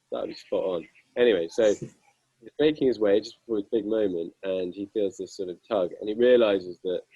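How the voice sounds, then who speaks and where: A young man with a husky voice, telling self-deprecating band stories with lots of fillers in a casual interview. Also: lowish voice, warm tone, dry recording, poor audio. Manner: self-deprecating, amused, rambling with many fillers. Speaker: guitarist guest.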